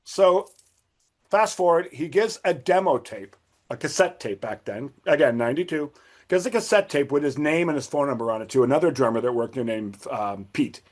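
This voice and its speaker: As a guest on a podcast, a middle-aged man casually spins a long story, voicing the people he quotes with big leaps in pitch. He's expressive and talks at a normal speed.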